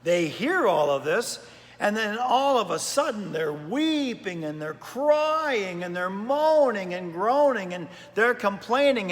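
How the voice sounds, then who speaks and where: A man's voice: high voice, sing-song, takes it slowly, long reverb tail. A man pastor preaching a sermon in a chatty storytelling way, often repeating words as he goes. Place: church.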